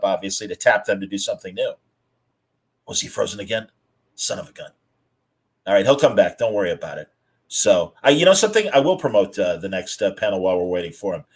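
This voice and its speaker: A man's voice: on the low side, rough recording. Male host, casual video-call chat, loose and filler-heavy. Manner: chatty, many fillers and restarts. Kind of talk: casual live-stream chat.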